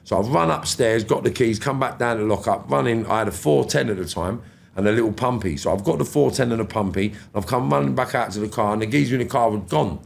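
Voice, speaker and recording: A man in his fifties tells his stories as a podcast guest, with a rough, gravelly edge to his mid-pitched voice. He jumps into other people's voices as he goes and swears without a second thought. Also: fast talker. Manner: animated, acts out quoted voices, swears freely. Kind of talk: casual storytelling.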